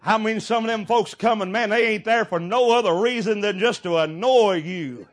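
Preacher, middle-aged man, high voice, folksy sermon storytelling with shouts. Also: normal speed, few pauses. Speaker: pastor.

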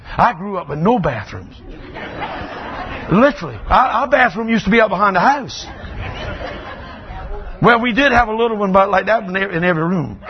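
An older man, preaching a revival sermon in a church auditorium, telling folksy stories that build into shouting. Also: high-pitched, very animated, brisk, long pauses, muffled recording, crowd noise, background noise. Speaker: pastor.

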